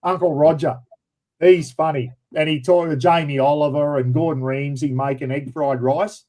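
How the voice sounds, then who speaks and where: A man's voice: on the high side, steady tone, normal speed, dark tone, rough recording. A middle-aged Australian man hosting a casual chat, rambling and blokey, throwing in "mate" and "bloody" all the time. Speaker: livestream host.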